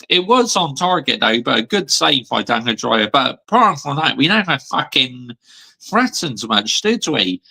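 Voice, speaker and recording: A man's voice: mid-range voice, gravelly, pushed and bright. A man in his thirties ranting on a fan vlog, heated and sweary, still seething after a defeat. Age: 30s. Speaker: football fan vlogger.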